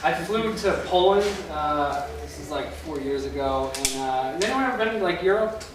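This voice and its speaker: Young male stand-up, high voice, echoey room. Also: expressive, moderate pace. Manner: rambling, loose, with filler words. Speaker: stand-up comedian. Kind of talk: stand-up comedy set. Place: comedy club stage. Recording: echoey club from a distance with noise.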